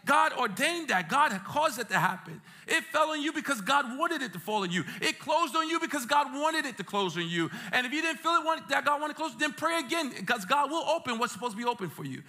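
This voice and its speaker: A male pastor from Brooklyn, preaching a sermon in a church with lively jokes and streetwise asides. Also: very high voice, fairly quick, few pauses. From Brooklyn, New York. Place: church sanctuary.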